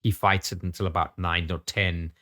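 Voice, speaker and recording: A man's voice: sits low, level tone, normal speed, pushed and bright. A man in his thirties from the UK, co-hosting a casual podcast chat, rambling with lots of restarts and casual swearing. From United Kingdom. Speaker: podcast co-host.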